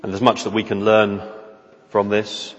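A man preaching a sermon in an earnest, measured way, often posing rhetorical questions. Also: fairly low pitch, completely flat delivery. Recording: reverberant hall, dull lo-fi sound.

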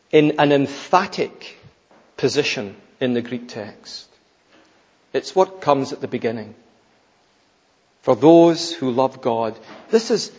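Male pastor, unhurried sermon delivery, rough husky tone, swings from soft to loud. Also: medium pitch. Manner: slow, emphatic preaching with sudden loud rises and hushed drops. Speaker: preacher. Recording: dull, lo-fi recording in a reverberant hall.

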